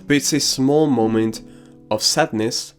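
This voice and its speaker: A man's voice: medium pitch, unhurried, faint music behind. Slangy man doing casual anime commentary. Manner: casual and slangy, drops crude asides; storytelling, personal anecdotes.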